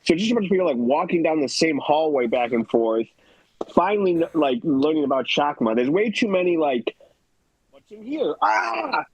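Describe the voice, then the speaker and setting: A man with a somewhat high, husky voice rattles off complaints about a movie, sprinkling "like" everywhere. The sound is dry and close. His delivery is loose and conversational. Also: animated, brisk, no echo, lo-fi sound. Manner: loose, "like"-heavy. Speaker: podcast co-host. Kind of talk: casual movie discussion.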